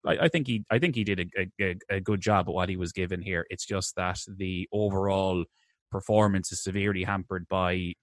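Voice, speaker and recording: A man co-hosting a casual film review chat, animated and laughing often, with stammering restarts. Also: deep voice, a little fast, no room sound, clean studio sound. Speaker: podcast co-host.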